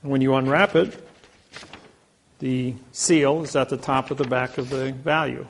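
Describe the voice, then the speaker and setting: A man's voice: medium pitch, steady tone, a little slow, vocal fry, a little hiss or hum. A man giving a boastful storytelling lecture, acting out the voices of people in his stories. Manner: boastful, acts out quoted voices. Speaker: presenter.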